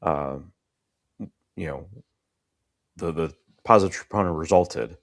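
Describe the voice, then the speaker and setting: A middle-aged man co-hosting a podcast, a first responder explaining his heart attack in a measured, clinical way. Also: deep voice. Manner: measured, clinical, trails off softly. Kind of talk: conversational storytelling.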